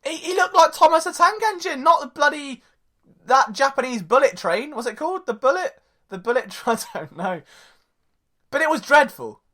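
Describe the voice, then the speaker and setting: A man's voice: very high-pitched, lively intonation, normal speed, pushed and bright. A man hosting a sports podcast, talking in a chatty, jokey, rambling way. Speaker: podcast host. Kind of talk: casual sports podcast talk.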